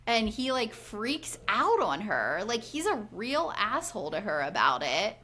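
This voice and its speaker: Animated woman, bright lively voice. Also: a little high, measured pace, few pauses. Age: 40s. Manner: animated, acts out quotes, many "like" fillers. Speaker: podcast co-host. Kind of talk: casual recap chat.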